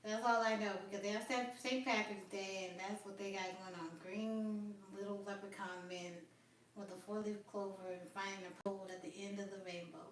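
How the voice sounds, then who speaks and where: A woman's voice: mid-range voice, little pitch movement, normal speed, a little hiss or hum. A woman hosting a casual livestream on her phone, chatting and rambling to her viewers. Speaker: livestream host. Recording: very echoey room, far from phone mic.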